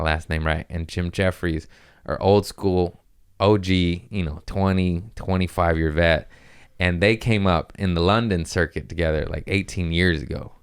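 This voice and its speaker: Man, very low voice, smooth and clear, rambling casual storytelling, swears a lot. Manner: rambling, profane, laughs at his own stories. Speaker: podcast host.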